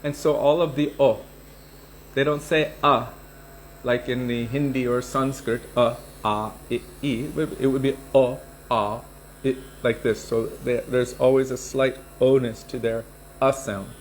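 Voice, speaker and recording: A man teaches a scripture class in an unhurried, explaining manner, his voice at an ordinary middle pitch. A faint hiss lies under the recording. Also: steady tone, poor audio.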